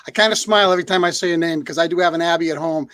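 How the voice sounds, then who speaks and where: A man's voice: a little high, very fast, a bit bright, clear, resonant tone, no echo. A man with a Boston accent, a school principal co-hosting a live-streamed talk show, long-winded and upbeat. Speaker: middle school principal, co-host.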